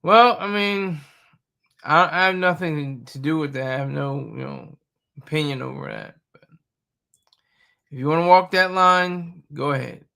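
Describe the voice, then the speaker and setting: A man's voice: on the high side, a little slow, gravelly, pauses often, pushed and bright. A man in his thirties hosting a casual live stream, talking in a blunt, rambling and opinionated way. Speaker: streamer host.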